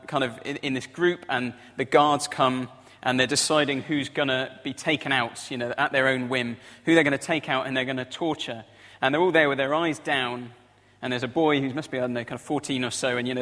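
A man's voice: on the high side, fairly bright tone, long reverb tail. A man preaching a sermon in a conversational way, often adding tag questions.

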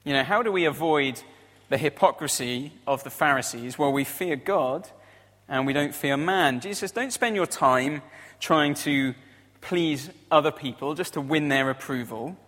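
A man's voice: fairly high pitch, moderate pace, a bit bright, long reverb tail. A man preaching a sermon in a conversational way, often adding tag questions.

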